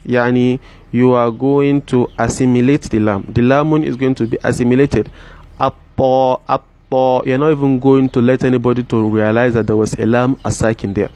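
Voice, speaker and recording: A man's voice: medium pitch, fairly even intonation, warm tone, dry recording. Man teaching patiently. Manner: repeats example words slowly and deliberately; patient, with many fillers and restarts. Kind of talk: explaining a text line by line.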